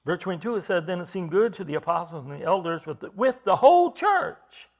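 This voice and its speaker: Male preacher, higher register with some gravel; reads scripture aloud, then punches key words and asks rhetorical questions. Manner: emphatic, rising to loud stresses on key words. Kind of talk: expository sermon reading scripture.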